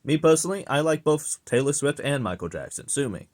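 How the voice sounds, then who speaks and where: A man's voice: medium pitch, lively intonation, a little fast. A young man giving a casual, profane rant to his audience, exasperated and sarcastic. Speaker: vlogger ranting.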